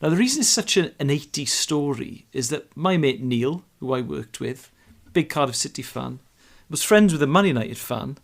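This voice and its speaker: A man's voice: fairly high pitch, expressive, normal speed, creaky, few pauses. A man from Wales telling a detailed football anecdote in casual chat. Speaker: podcast co-host. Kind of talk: casual storytelling.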